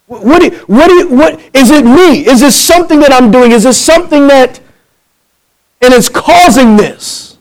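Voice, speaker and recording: A pastor from New Jersey with an extremely high, expressive voice preaches a sermon at normal speed on poor audio. He swings between loud, punchy bursts and hushed, intimate pleading, calling out for amens and acting out conversations.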